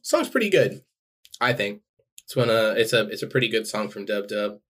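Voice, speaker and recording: A man's voice: on the low side, big pitch swings, normal speed, fairly bright tone. Podcast guy teasing his cohost, laughs a lot, voice bounces up and down. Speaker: podcast co-host. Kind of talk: casual chat.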